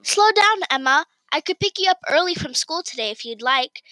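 A woman's voice: high voice, expressive, normal speed, bright, forceful tone, dry recording, pitched above the performer's own voice, poor audio. A woman voicing a kind, encouraging mom. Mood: concerned. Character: kind, supportive mother, adult woman.

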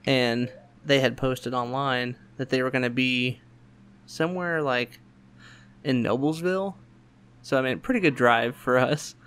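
A man's voice: a little slow, smooth. A man, telling a family story in casual chat and acting out the quotes in raised voices. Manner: animated, acts out quotes in higher voices, laughs often. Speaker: podcast host.

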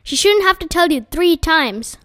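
A curt, irritable storybook father who is trying to work, read by a woman in her own high voice. His lines come out firm and clipped. The reading is close and dry. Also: expressive, moderate pace, fairly bright tone, dry recording.

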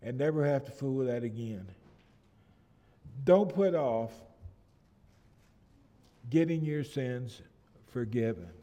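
Casting: middle-aged male preacher, dark mellow tone, halting, builds to loud scripture reading. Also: mid-range voice, lively intonation. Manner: halting restarts, swells loud and slow on scripture. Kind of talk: sermon.

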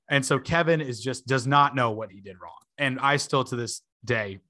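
A man's voice: mid-range voice, normal speed, bright, forceful tone. A man in his twenties, a podcast host, telling a long story in a casual way, full of fillers and laughing asides.

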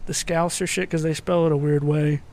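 A man's voice: fairly high pitch, fairly even intonation, a little fast, darkish tone. A young man co-hosting a casual chat show, joking and swearing freely. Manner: profane, laughing, joking. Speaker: podcast co-host.

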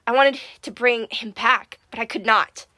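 A woman's voice: a little high, moderate pace, pushed and bright, no echo. Woman doing a dry, papery teenage ghost. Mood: hollow. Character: dazed teenage ghost of a hero.

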